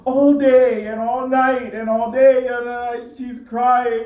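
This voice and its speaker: A woman's voice: fairly high pitch, little pitch movement, takes it slowly, few pauses, dull audio. A woman reciting an emotional religious eulogy with tearful, repetitive storytelling, heard from a distant mic in a mosque hall. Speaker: majlis reciter.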